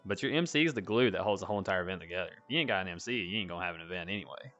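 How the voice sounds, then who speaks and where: A man with a Southern accent from North Alabama chats loosely and laughs a lot, his voice bright and forceful. The sound is a bit dull, with faint music underneath. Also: sits low, very fast. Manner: laughs often, animated swings of loudness. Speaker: podcast host, club owner. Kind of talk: casual chat.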